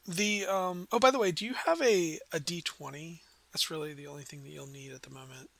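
A man's voice: on the high side, fairly quick, creaky, a bit bright, no room sound. A man narrating a tabletop game as game master, descriptive and rambling with many fillers.

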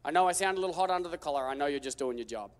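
A man preaching a sermon, telling a story with lively jokes and acted-out voices. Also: fairly high pitch, rapid-fire. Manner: animated, joking storytelling with acted-out quotes. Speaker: pastor. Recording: long hall reverb.

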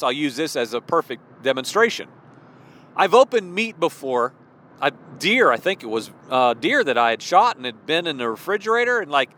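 A man with a notably high-pitched voice delivers a loose, conversational sermon outdoors. He rambles, backs up and restarts mid-sentence, and keeps turning to his listeners as brothers and friends. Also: fairly bright tone. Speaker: preacher. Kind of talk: informal sermon to men.

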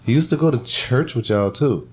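A man co-hosting a casual podcast who tells stories in an animated, profane way. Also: medium pitch, normal speed. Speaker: podcast co-host. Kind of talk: casual chat. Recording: echoey room.

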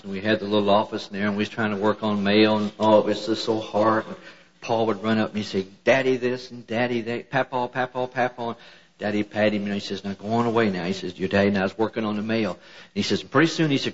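Older man telling folksy stories. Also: lowish voice. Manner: folksy, plain-spoken, acts out his father's quotes. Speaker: preacher telling stories about his father. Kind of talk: folksy sermon storytelling. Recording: dull lo-fi church recording.

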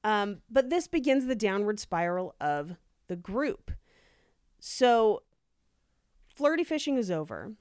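A woman's voice: mid-range voice, very animated, slow, a little mellow, clean tone, no echo, studio quality. A woman co-hosting a casual podcast, telling a story in a chatty way with many "like"s and easy laughs. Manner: chatty, lots of "like", laughs easily.

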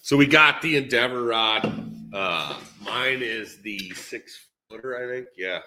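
A man's voice: mid-range voice, animated, unhurried, bright, forceful tone, slight background noise. A man with a Minnesotan accent, rambling easily in a casual podcast chat with lots of fillers. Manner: rambling, easygoing, many fillers. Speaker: podcast co-host, dent repair tech.

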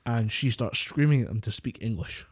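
A man's voice: mid-range voice, fairly quick, breathy edge. A man from the UK co-hosting a podcast, chatting casually in a dry, sardonic way and laughing often. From United Kingdom. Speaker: podcast co-host. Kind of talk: casual chat.

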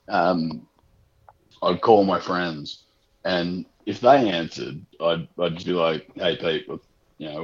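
Low raspy guy rambling on a podcast, laughs a lot, kinda muffled audio. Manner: laid-back, rambling, laughs often. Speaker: podcast co-host. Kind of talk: casual chat. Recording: dull lo-fi sound.

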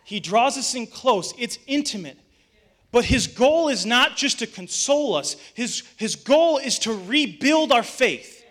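A man's voice: extremely high pitch, expressive, a little slow, fairly bright tone. A young adult man, a pastor, preaching a sermon, telling a story and rising to urgent calls to get up.

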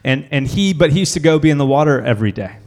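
Casual pastor preaching. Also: male voice, fairly high pitch, lively intonation, fast talker. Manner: casual and conversational, many fillers and restarts. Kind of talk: sermon. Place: church.

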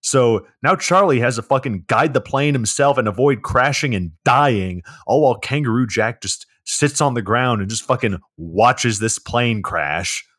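A man's voice: medium pitch, lively intonation, unhurried, few pauses, fairly bright tone, no echo, clean studio sound. A man co-hosting a podcast, recapping a movie plot in a laid-back way with lots of swearing and fillers. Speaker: podcast co-host.

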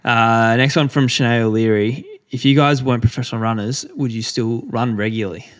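A young man co-hosting a podcast in relaxed, easygoing chat, reading out listener questions. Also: medium pitch, a little fast. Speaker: podcast co-host. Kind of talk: casual chat.

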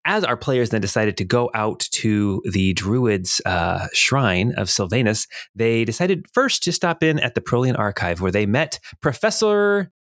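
A man running a tabletop game as game master, recapping the last session in a relaxed, loose way. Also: fairly low pitch, unhurried, few pauses, dry recording, clean studio sound. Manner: relaxed, with frequent ums and laughs.

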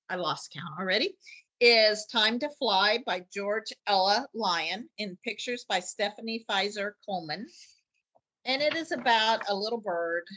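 A woman's voice: mid-range voice, sharp tone, poor audio. A woman on a podcast recommending children's picture books and reading passages aloud like a storyteller. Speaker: teacher committee member recommending books. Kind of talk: podcast book talk with read-aloud passages.

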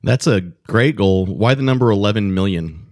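A man's voice: lowish voice, expressive, normal speed, darkish tone, no echo, studio quality. A man hosting a podcast, upbeat and encouraging as he talks with his guest. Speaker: podcast host. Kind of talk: casual podcast conversation.

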